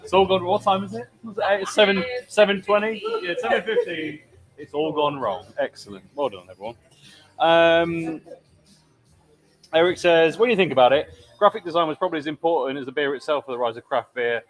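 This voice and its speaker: A man's voice: on the high side, expressive, brisk, rough recording. A man hosting a live stream from a pub taproom, chatting casually and reading viewer comments aloud.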